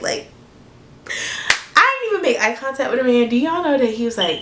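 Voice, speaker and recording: A young woman, telling a story to her camera in a lively, cussing, chatty way. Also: sits high, normal speed, pauses often, roomy sound, background noise. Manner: animated, swears freely, asides to viewers. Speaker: storytime vlogger.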